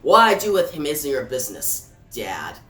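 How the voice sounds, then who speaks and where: Guy reading a firm young heroine, soft-spoken, faint music in back. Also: medium pitch, wildly swooping pitch, normal speed, far from the mic. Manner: gentle but firm. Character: firm young woman crimefighter. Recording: roomy echo, faint music.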